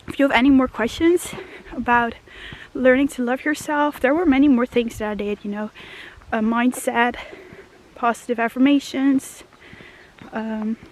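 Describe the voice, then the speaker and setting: A woman walking through a forest, a little out of breath, talking in an earnest, musing way about self-love with many "you know" fillers and frequent laughs. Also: on the high side. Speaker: vlogger. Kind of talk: walk-and-talk spiritual vlog. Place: forest path outdoors.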